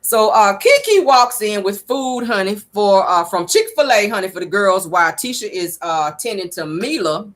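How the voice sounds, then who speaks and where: A woman's voice: mid-range voice, sing-song, normal speed, hardly any pauses. A woman hosting a reality-TV recap show, talking in a sassy, wisecracking way.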